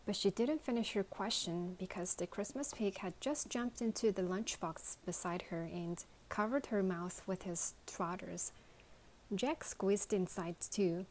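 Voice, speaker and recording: A woman reading a children's novel aloud as a bedtime story, in a gentle, measured way. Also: mid-range voice, a little hiss or hum, poor audio. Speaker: storybook reader.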